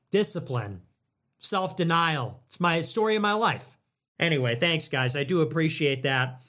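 Young man, livestream host, high voice, swooping lively pitch, mocking, casual rant. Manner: animated, mocking, riffing in rapid repetitions.

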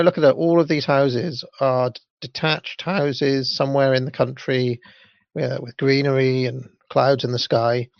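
A man with a gravelly, creaky voice talks through his thoughts in a casual, halting way. The sound is dry and close, but a little muffled. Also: medium pitch, no room sound. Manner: hesitant, full of ums and restarts. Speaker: commentator. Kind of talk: casual commentary.

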